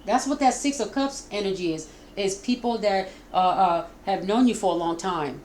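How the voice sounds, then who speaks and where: A woman's voice: mid-range voice, normal speed. Middle-aged woman as tarot reader, casual and stumbling, a little noise behind her. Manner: warm, repetitive, stumbling, emotional. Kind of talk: casual spoken tarot reading.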